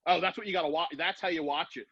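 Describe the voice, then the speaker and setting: Animated, swearing storyteller man, dull lo-fi sound. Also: a little high, rapid-fire, no room sound. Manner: profane, animated, acts out voices in anecdotes. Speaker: podcast guest, former BMX rider. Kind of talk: casual storytelling. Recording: dull lo-fi podcast audio.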